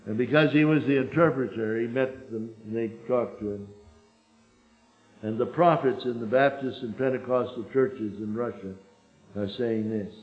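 An older man preaches with emphatic storytelling, his voice rising to loud urgent peaks and dropping to low quiet asides. His pitch sits in an ordinary middle range. The recording is dull and lo-fi. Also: moderate pace. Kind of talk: sermon.

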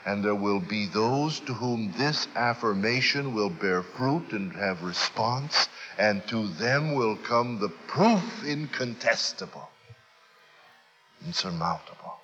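Male preacher, low and forceful, emphatic sermon delivery, dull lo-fi recording. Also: lively intonation, slow, slight background noise.

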